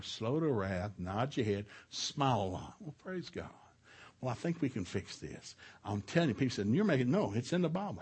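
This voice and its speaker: A middle-aged man giving a preaching talk at a marriage seminar in a church, telling stories with lively shouted quotes and frequent chuckles. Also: medium pitch, slightly rough. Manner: animated storytelling, shouts out quoted lines, chuckles often. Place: church hall, live session.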